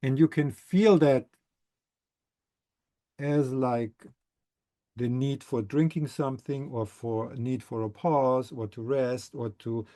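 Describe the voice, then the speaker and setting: Slow, mellow-voiced man explaining thoughtfully. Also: mid-range voice, fairly even intonation. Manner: halting, thoughtful, frequent restarts. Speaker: somatic movement teacher. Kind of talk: explanatory talk answering a question.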